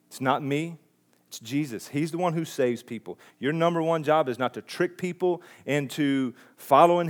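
A man preaching a sermon in an earnest, conversational way, often restarting his phrases. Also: a little high. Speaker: pastor.

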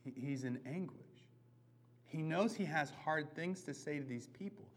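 A man in his thirties, a pastor giving a relaxed, conversational sermon, often checking in with "right?" and joking at his own expense. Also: on the high side, moderate pace. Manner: casual, self-deprecating, often asks "right?".

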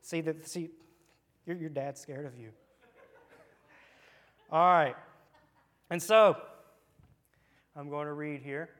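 In a church room full of children, a man leads an interactive Bible lesson as children's church leader, reading scripture and joking in a casual, playful manner. He speaks slowly in a steady, fairly bright voice on the high side, pausing often.

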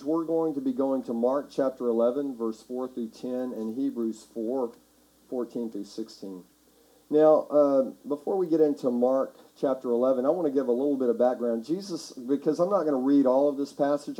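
A man preaching a sermon as pastor, talking conversationally and building to shouts for emphasis. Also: mid-range voice, rough recording. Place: church sanctuary.

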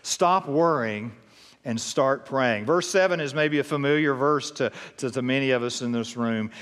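A man preaches a sermon in an ordinary middle-pitched voice, emphatic and animated, driving his points home through repetition. A long reverb hangs around every phrase in the church hall. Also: moderate pace. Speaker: pastor.

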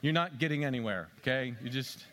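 A man's voice: medium pitch, fairly quick, fairly bright tone. A male pastor delivering a sermon in a conversational way, asking the congregation rhetorical questions and slipping in dry, sarcastic asides.

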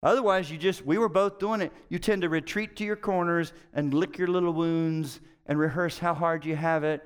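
A man's voice: on the high side, steady tone, normal speed, clean tone. A middle-aged male pastor preaching in a conversational, storytelling way with self-mocking humor. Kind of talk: sermon.

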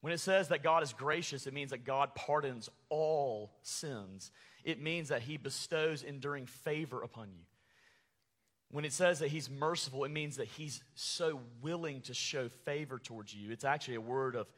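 A man preaching a sermon as pastor, animated, acting out angry quotes with sarcasm. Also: mid-range voice, normal speed, long reverb tail.

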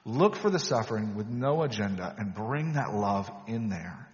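A man's voice: fairly low pitch, animated, normal speed. A man giving a sermon as a pastor, telling personal stories in a conversational, self-deprecating way and acting out the dialogue. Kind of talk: sermon storytelling. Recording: dull lo-fi audio with long hall reverb.

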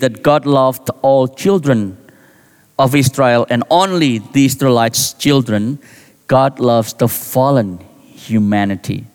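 A man preaching a sermon as a pastor, deliberate, with rising emphasis on key words. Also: mid-range voice. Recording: long reverb of a large hall.

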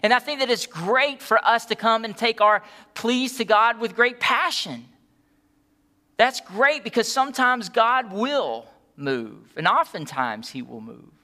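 A man preaching a sermon as a pastor, earnest and pleading, moving between quiet, soft passages and impassioned ones. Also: extremely high pitch, animated, measured pace.

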